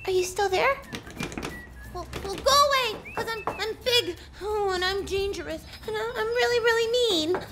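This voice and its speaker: A woman's voice: extremely high pitch, normal speed. A woman voicing a chatty, bossy and forgetful little girl dog in a comedy web series, musing aloud and easily startled. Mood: panicked. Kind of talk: comedic voice-over. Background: music.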